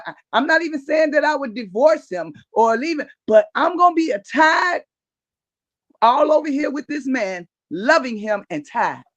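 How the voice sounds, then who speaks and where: A woman in a podcast discussion, talking bluntly and repeating her points for emphasis. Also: sits high. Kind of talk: casual discussion. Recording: dull lo-fi sound.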